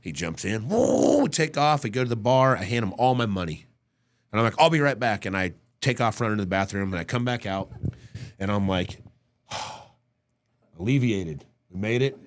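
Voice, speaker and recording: Lively storytelling man, low voice. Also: moderate pace. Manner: animated, laughs often, acts out his own lines in the story. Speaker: podcast guest, former undercover agent. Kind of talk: casual storytelling.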